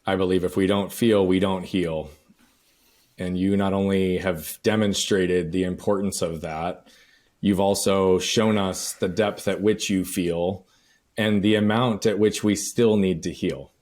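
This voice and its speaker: A man hosting a podcast, asking reflective questions in a calm, affirming way. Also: sits low, unhurried. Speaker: podcast host. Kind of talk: interview questions.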